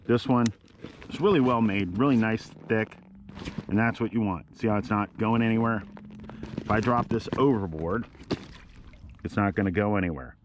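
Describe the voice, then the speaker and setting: A middle-aged man sits in a kayak out on a lake, talking casually into an action camera. His voice sits on the low side, and his easygoing chat drifts between pointing out the scenery and giving gear tips. A faint hiss of noise runs under him. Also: normal speed, long pauses. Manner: easygoing, chatty, jokey. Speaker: kayak vlogger. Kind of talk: casual outdoor vlog commentary.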